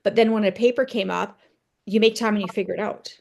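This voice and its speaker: A woman at a middle pitch talks her team through a motivational training session. She speaks conversationally and keeps tagging her points with "right?" as she tells her own stories to make them land. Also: steady tone, quick pace, gravelly, a little mellow.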